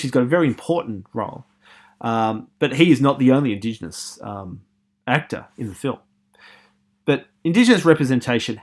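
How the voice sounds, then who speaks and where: A man from Australia giving a recorded film studies lecture, posing many rhetorical questions with frequent ums and restarts. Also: medium pitch.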